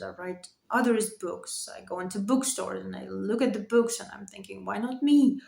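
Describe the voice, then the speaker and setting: A woman vlogger talking to the camera in a confessional way, emotional and halting, often repeating herself, with her voice cracking. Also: mid-range voice, vocal fry, a little mellow. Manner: emotional, halting, repeats phrases, nervous laughs. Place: bedroom. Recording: echoey room.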